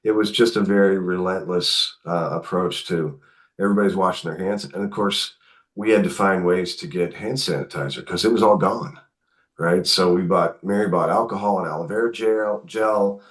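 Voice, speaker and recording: As a guest author in an interview, a middle-aged man with a low, deep voice tells a family story at normal speed. He's animated in conversation and slips into other people's voices whenever he quotes them.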